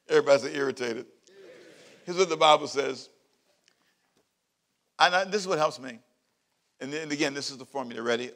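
A middle-aged man, a pastor, preaching a sermon with emphatic repeated phrases and big swings in loudness. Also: mid-range voice, normal speed, long pauses.

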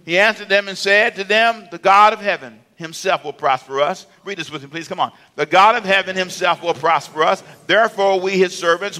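An older man preaching a sermon. His voice sits high for a man and rings bright and forceful. He builds his points with rising emphasis and calls for answers from the congregation. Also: a little fast. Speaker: pastor.

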